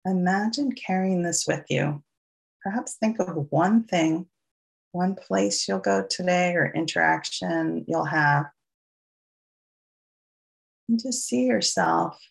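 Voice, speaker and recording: Gently inviting listeners along, this New York-accented meditation teacher leads a slow, calming loving-kindness practice. The mid-range voice is creaky with a breathy edge.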